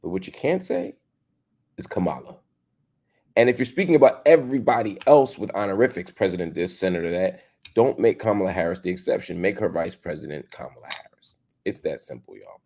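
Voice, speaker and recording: A man in his forties hosting a show, delivering an emphatic opinion monologue full of rhetorical questions, swinging between loud and soft. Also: deep voice, expressive, a little fast. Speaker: show host.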